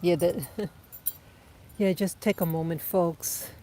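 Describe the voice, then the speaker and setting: A woman vlogging while out walking her dogs, chatting in a relaxed, reflective way with soft laughs. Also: on the low side, slow pace, slight background noise. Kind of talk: casual outdoor vlog chat. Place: outdoors in a park. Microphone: clip-on mic, wind audible.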